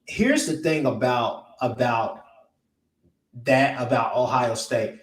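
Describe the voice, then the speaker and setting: A man's voice: medium pitch, slow pace. Blunt rambling man, echoey and off-mic. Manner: blunt, rambling, with many restarts and filler words. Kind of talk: casual sports talk. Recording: roomy echo, distant from the mic.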